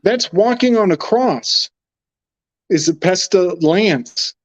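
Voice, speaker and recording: A man who is a podcast guest, talking haltingly and earnestly over a video call. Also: high-pitched, lively intonation, no room sound. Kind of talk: casual podcast chat.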